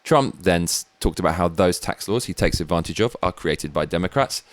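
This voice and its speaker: A man's voice: low-pitched, expressive, a little fast, dry recording. A British man hosting his own show, giving blunt, sweary political commentary with rambling asides. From Britain. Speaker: show host.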